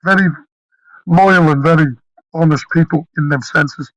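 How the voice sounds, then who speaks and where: A middle-aged man from Liverpool with a softened Scouse accent, talking bluntly and emphatically in a casual chat and swearing freely. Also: on the high side, steady tone, moderate pace, no room sound, lo-fi sound. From Liverpool, England. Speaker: panel guest.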